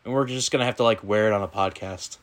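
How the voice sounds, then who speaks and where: A man hosting a casual sports picks podcast with friends, running the games in a playful, animated way. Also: fairly low pitch, fast talker. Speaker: podcast host.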